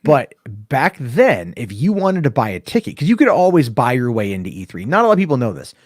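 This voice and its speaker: A man on a casual podcast spins a rambling, profane story and jumps into the voices of the people in it. His voice sits at an ordinary pitch and sounds close and dry, with no room around it. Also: a little fast, dry recording. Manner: profane, animated storyteller acting out dialogue. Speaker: podcast host.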